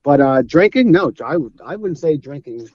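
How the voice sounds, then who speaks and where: A man's voice: on the high side, moderate pace, dry recording, muffled recording. A middle-aged man from Brooklyn with a New York accent, telling stories as an interview guest and acting out the people in them. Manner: animated storyteller, acts out quoted voices, laughs often. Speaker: guest, former streetball player. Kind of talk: casual storytelling interview.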